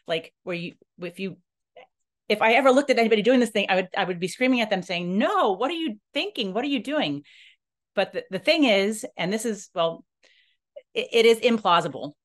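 A woman who runs a non-profit, telling a personal story in an earnest, halting way and acting out the dialogue she quotes. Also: medium pitch. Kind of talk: personal story told to camera.

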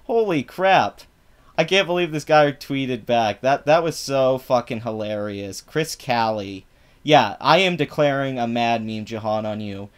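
His intonation lively and his pace unhurried, a male political commentary vlogger mocks posts he's reacting to online. The rant is profane, full of loud pitch swings.

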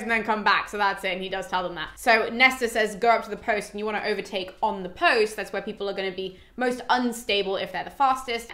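A woman's voice: a little high, sharp tone, reverberant. A young woman casually retelling an old epic for her channel, chatty and sweary, acting out quotes in modern slang. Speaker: book video host.

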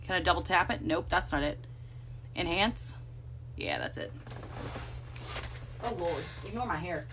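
A woman's voice: lowish voice, animated, a little slow, noisy background. A woman hosting a casual live stream from a room at home, chatting to viewers and cooing baby talk to her cats.

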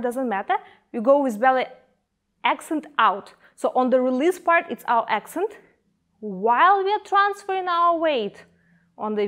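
A woman teaching a belly dance class, giving calm step-by-step coaching cues and counting the moves. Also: high-pitched. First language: Ukrainian. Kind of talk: guided dance class instruction.

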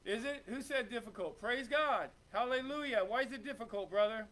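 A man's voice: extremely high pitch, fairly quick, a bit bright. A man preaching a sermon to his congregation, fervent, questioning the listeners and waiting for their answers. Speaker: pastor. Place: church sanctuary.

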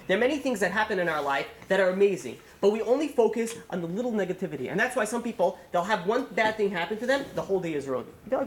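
A man's voice: high voice, lively intonation, racing, few pauses, slight background noise. A man, a rabbi, giving a holiday sermon in a casual storytelling way, acting out the characters' lines.

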